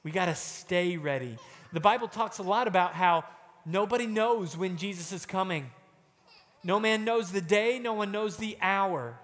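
High-voiced man preaching to children. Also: normal speed. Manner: animated storytelling with acted-out quotes. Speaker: children's pastor. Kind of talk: children's sermon. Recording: long hall reverb.

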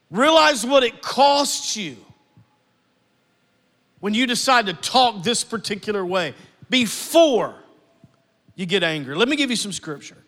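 A man preaching a sermon to his church, animated and acting out family scenes. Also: very high-pitched, big-room sound. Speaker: pastor.

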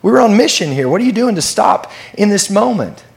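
Urgent, anxious followers, voiced by a man, the pitch jumping high and the words rushing out. The voice has a gravelly edge. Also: big pitch swings, exaggerated voice. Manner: urgent, questioning. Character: anxious hurried male followers.

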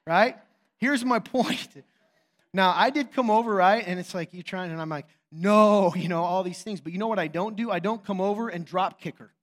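A man in his thirties preaching a sermon as pastor, telling a story with swings between hushed and loud delivery. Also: high-pitched, fairly quick.

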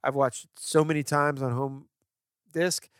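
A man co-hosting a podcast, chatting about movies with enthusiastic, animated storytelling. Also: mid-range voice, a little slow, dry recording, clean studio sound. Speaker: podcast co-host. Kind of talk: casual film discussion.

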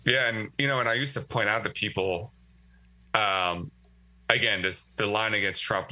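A man's voice: fairly low pitch, normal speed, bright, forceful tone, rough recording. A man speaking as a guest writer in a casual political discussion, talkative and thinking aloud with frequent restarts.

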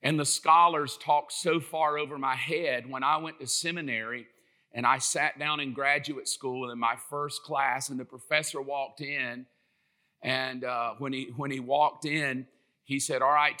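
A man's voice: mid-range voice, flat delivery, measured pace, bright, forceful tone. A man from South Georgia with a Southern American accent, preaching a sermon and telling stories, acting out the voices he quotes. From South Georgia, USA. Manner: storytelling, acts out quoted voices. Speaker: pastor.

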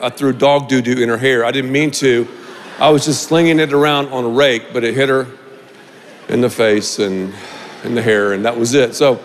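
A middle-aged male pastor preaching a sermon, telling a story with animated delivery and acted-out voices, in a large church auditorium. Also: medium pitch, slight background noise. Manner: animated, acts out voices in anecdotes. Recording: long reverb of a large hall.

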